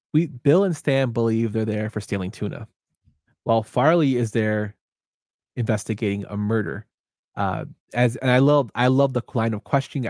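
A man's voice: mid-range voice, darkish tone, no room sound, studio quality. A man co-hosting a casual film podcast, animatedly retelling scenes and acting out the dialogue. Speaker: podcast co-host. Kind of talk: casual movie discussion.

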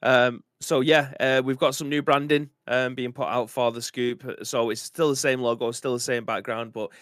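A man co-hosting a gaming podcast from home, talking in a relaxed, rambling way. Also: medium pitch, normal speed, dry recording, clean studio sound. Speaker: podcast co-host. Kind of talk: casual live-stream chat.

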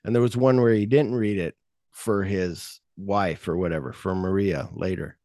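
A man's voice: deep voice, moderate pace. A man hosts a podcast, retelling scenes in a loose, chatty way. He jumps into raised voices for the quotes and swears freely. The sound is dry and close, with no room echo. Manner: animated storyteller, acts out quotes in a raised voice, swears often. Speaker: podcast host. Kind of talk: casual chat retelling a film script.

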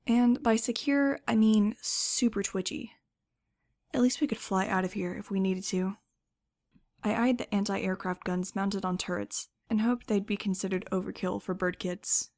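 Woman narrator, first-person audiobook, wry and measured, gravelly voice. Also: mid-range voice, fairly even intonation, darkish tone.

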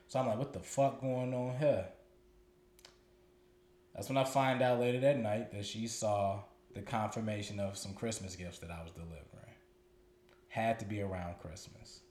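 A man's voice: fairly low pitch, steady tone, brisk, a little mellow. A man, co-hosting a podcast and telling a personal story in a loose, profane way, repeating words as he gathers his thoughts. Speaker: podcast co-host. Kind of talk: candid storytelling chat. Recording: roomy echoey room.

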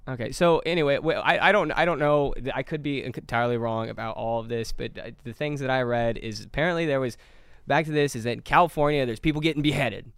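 A man's voice: medium pitch, quick pace, a bit bright, clear, resonant tone, dry recording. A man hosting a podcast in casual chat, joking and stubborn in argument. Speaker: podcast host.

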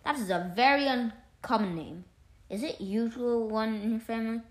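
A woman voicing a fretful, suspicious little female mouse in a storybook tale, with shrill, indignant exclaiming. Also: moderate pace, lightly acted. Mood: curious. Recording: roomy echo.

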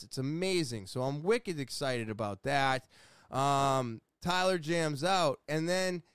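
A man's voice: a little high, animated, slow pace, fairly bright tone, clear, resonant tone, no room sound, clean studio sound. Earnest rambling New man. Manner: rambling, earnest, self-deprecating. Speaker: vlogger. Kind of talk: casual chat. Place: small home room with sound panels.

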